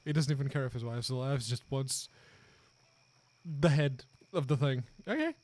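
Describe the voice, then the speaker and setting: A man's voice: mid-range voice, big pitch swings, moderate pace, darkish tone. A man hosting a live stream, chatting casually and laughing often as he plays a role-playing game and teases what happens on screen. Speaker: livestream game host. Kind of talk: casual let's-play commentary.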